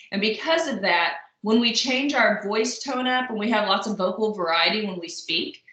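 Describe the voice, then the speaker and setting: A woman's voice: medium pitch, pushed and bright. A woman instructor giving a recorded lecture in a conversational way, with frequent fillers and asides. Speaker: college instructor. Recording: echoey room.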